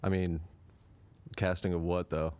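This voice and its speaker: A man's voice: low-pitched, level tone, unhurried, a little mellow, smooth. A man co-hosting a comedy podcast, riffing in casual chat and slipping into joking put-on voices. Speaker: podcast co-host.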